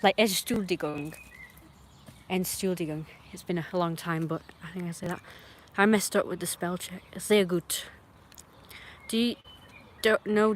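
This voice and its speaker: A woman's voice: lowish voice, slight background noise. Blunt, rambling woman ranting on stream. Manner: swings between muttering and loud outbursts. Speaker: livestreamer. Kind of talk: casual livestream rant.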